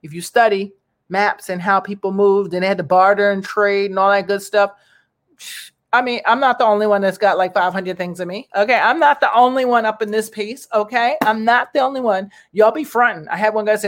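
A person delivering a casual opinion monologue to viewers, animated and exclamatory, with slangy asides and lots of fillers. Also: brisk. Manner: animated, slangy and exclamatory, with big pitch jumps.

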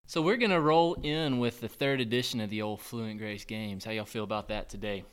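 A man hosting a podcast quiz game, upbeat and quick to laugh. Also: lowish voice, clean tone. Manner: upbeat, laughs often, plays quizmaster. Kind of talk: casual podcast banter.

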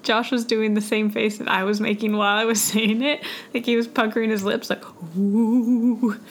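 Giggly, bright-voiced woman podcast host. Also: on the high side, little pitch movement, brisk, slight background noise. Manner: giggly, laughs often mid-sentence. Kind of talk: casual chat.

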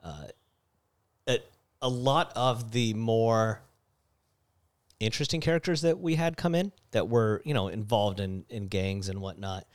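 A young man tells a story in casual chat. He acts out the quotes loudly and turns animated as he laughs. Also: on the low side, unhurried, long pauses. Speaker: former store clerk telling a story.

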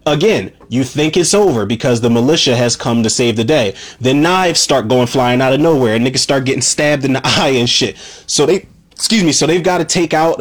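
A man casually recapping a movie scene by scene, rambling and swearing freely, with lots of "you know" and "man". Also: mid-range voice. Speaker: movie reviewer.

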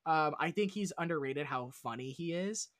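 A man's voice: fairly high pitch, animated, moderate pace, a bit bright, no echo, studio quality. A man talking as a guest on a casual film podcast, rambling and swearing enthusiastically as he goes off on tangents.

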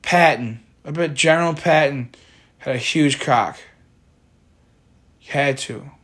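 A man's voice: fairly high pitch, slow, fairly bright tone, slightly rough. A man rambling profanely through a solo podcast, cracking wry jokes and breaking into rants. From Chicago area. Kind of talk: casual rambling monologue.

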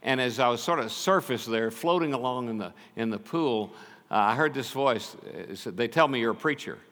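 An older man preaching a sermon, telling stories and swinging from loud, urgent passages to hushed ones. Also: mid-range voice, animated, normal speed. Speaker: pastor. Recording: long reverb of a large hall.

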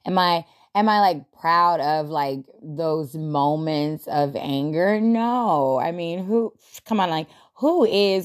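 A woman's voice: deep voice, lively intonation, slow, hardly any pauses. A young adult woman hosting a podcast, talking casually and reflectively, chatty and self-deprecating with frequent laughs. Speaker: podcast host.

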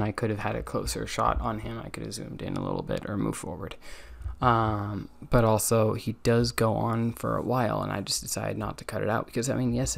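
A man's voice: fairly low pitch, vocal fry, darkish tone. A tired young man hosting his own podcast, rambling casually with lots of ums and self-critical asides. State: tired, yawning. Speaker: podcast host. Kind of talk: casual solo podcast review.

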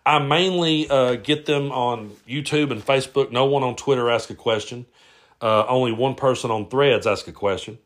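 A man's voice: mid-range voice, normal speed. A man, hosting a podcast and answering listener questions in a casual, rambling way full of "uh"s and restarts. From Appalachian Kentucky-Tennessee border. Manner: rambling, frequent "uh" and repeats. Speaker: podcast host.

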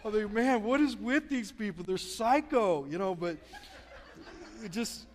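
A middle-aged Midwestern pastor with a fairly high voice preaches in a loose, joking storytelling style. His voice rings out with a long reverb in a large church hall. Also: animated, measured pace, a little hiss or hum. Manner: storytelling, chatty, self-deprecating humor. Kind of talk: sermon.

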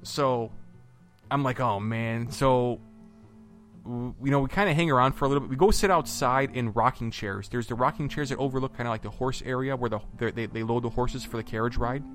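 A man's voice: medium pitch, fairly quick, faint music behind. Chatty man telling a trip story. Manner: animated storyteller, acts out quotes, many fillers and restarts. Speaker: podcast co-host. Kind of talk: casual podcast storytelling.

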